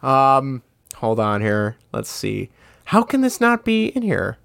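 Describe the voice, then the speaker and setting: A woman's voice: extremely low pitch, sing-song, takes it slowly, vocal fry, no echo, studio quality. A woman co-hosting a casual chat about a movie, rambling, quoting scenes and searching her notes aloud. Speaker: podcast co-host.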